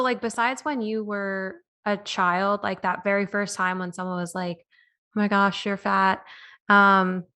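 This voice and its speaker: A woman with a bright, crisp voice hosts a health podcast. She asks her questions casually and affirms her guest with quick agreeing words. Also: medium pitch. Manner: conversational, affirming with short interjections. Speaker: podcast host. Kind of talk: casual interview.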